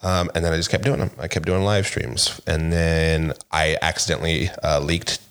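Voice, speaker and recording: A middle-aged man co-hosting a podcast, telling animated stories in casual chat and laughing often. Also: sits low, moderate pace, clear, resonant tone. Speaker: podcast co-host.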